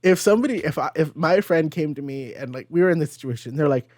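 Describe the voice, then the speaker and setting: A man's voice: a little high, quick pace, hardly any pauses, no echo. Young male host, giggly and chatty, acts out comic dialogue, dry close-miked voice. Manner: giggly, animated, recaps with quoted dialogue. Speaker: comic book podcast host. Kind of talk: casual chat.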